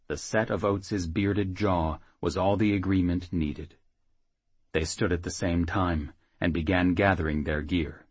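A man narrates a fantasy audiobook in a steady, even read. His voice is very low and husky. The sound is close and dry, with no room at all. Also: unhurried, dry recording.

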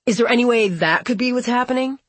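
A woman voicing an agitated young man, exasperated and restless, in a husky voice. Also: fairly high pitch, fast talker, no room sound, voice pushed up, close to an everyday voice. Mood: eager rushed.

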